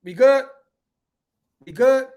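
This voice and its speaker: A man hosting a casual livestream podcast outdoors at home, talking in hyped slang and giving shout-outs to viewers. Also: extremely high pitch, expressive, takes it slowly. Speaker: podcast host.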